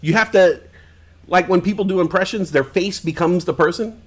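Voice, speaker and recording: A man hosting a live-stream talk show, telling stories in a casual, profane, animated way. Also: high voice, normal speed, breathy edge.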